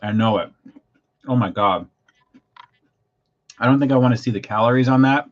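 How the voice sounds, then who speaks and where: Male food-review host on a livestream, excitable and gushing, slightly muffled desk-mic recording. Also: mid-range voice, normal speed.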